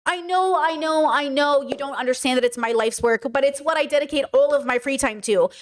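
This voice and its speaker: A young adult woman streaming, reading chat aloud and answering it emphatically, with her voice climbing into loud, passionate stretches. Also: sits high, a little fast. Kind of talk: livestream commentary.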